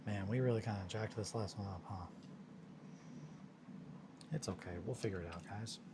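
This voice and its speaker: A man's voice: fairly low pitch, moderate pace, background noise. A man chatting casually on a hobby stream in a rambling, self-amused way while he works on miniatures.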